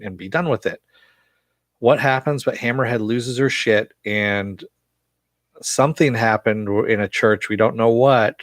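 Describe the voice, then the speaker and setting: A show reviewer with a low voice rambles through an episode recap in a loose, profane, chatty way, swearing freely and filling pauses with "uh" and "you know." The recording is dry and close to the mic, with no room sound.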